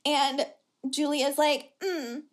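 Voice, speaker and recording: A woman's voice: high-pitched, fairly even intonation, slow pace. A young woman co-hosting a podcast, casually recapping a reality show and acting out what people said. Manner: chatty storyteller, acts out quotes. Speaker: podcast co-host.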